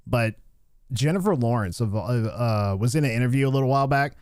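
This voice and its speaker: A man's voice: medium pitch, lively intonation, fairly quick, a little mellow, no echo, studio quality. A man hosting a livestream, giving blunt, dismissive commentary in a casual ranting way with frequent restarts.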